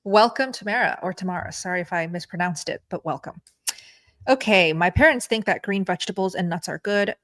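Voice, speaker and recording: A woman's voice: mid-range voice, fairly quick. A woman hosting a live stream, reading viewer questions and answering in an upbeat way. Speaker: host.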